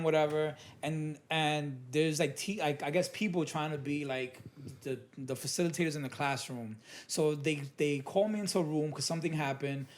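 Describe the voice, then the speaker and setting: A man, a podcast guest telling stories in a loose, rambling way full of fillers and restarts. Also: fairly high pitch. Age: late 20s. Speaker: guest, program supervisor in education. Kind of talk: casual podcast chat, storytelling.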